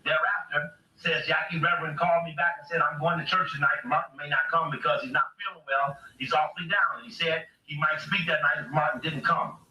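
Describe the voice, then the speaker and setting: Man, impassioned lecture, rhetorical questions, fairly high voice, roomy echo. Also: steady tone, fairly quick, hardly any pauses, sharp tone, recorded from a distance, slight background noise. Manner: emphatic, rhetorical questions, acts out quotes with rising pitch. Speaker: speaker reading from books to a camera. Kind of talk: impassioned lecture reading quotes aloud.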